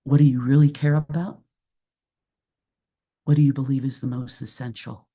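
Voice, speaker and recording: A woman's voice: a bass voice, steady tone, moderate pace, dark tone, breathy edge. A woman giving an earnest, reflective talk as a guest presenter, repeating her key phrases for emphasis. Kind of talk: webinar talk and Q&A.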